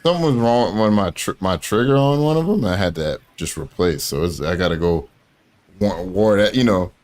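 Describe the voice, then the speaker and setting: A man's voice: deep voice, animated, a little fast, darkish tone. A man hosting a casual chat, telling loose, profane stories with lots of fillers. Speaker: host.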